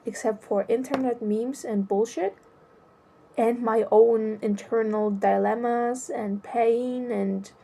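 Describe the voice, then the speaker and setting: A young adult woman talking about her own life in a hesitant, halting way, often restarting her sentences. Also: a little high, fairly even intonation, gravelly, dark tone, slight background noise. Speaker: vlogger. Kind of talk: personal confessional monologue.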